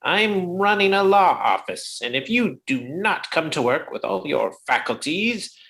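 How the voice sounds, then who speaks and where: A woman's voice: on the low side, expressive, unhurried, a bit bright. A woman playing an exasperated, sarcastic male lawyer who bosses his secretary in a 1950s-style radio comedy. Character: exasperated middle-aged male boss, a lawyer, gruff. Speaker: boss.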